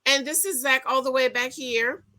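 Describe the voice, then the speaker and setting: A woman casually recapping a reality TV episode, chatty and emphatic, talking straight to her viewers and breaking into excited outcries. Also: sits high, normal speed. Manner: bursts into excited loud outcries. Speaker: TV show recap host.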